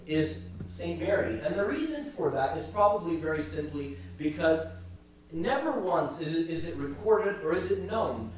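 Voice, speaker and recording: A man teaching a church class and retelling saints' stories, halting and repeating words as he goes. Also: on the high side, animated, darkish tone, a little hiss or hum. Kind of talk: storytelling religious class talk. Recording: very echoey church from a distance.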